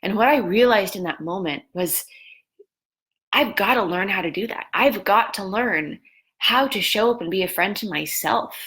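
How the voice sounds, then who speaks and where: A woman's voice: mid-range voice, normal speed, a bit bright, rough recording. A woman coach and host telling an earnest, confessional personal story on a live stream, repeating phrases for emphasis. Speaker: lifestyle coach and show host.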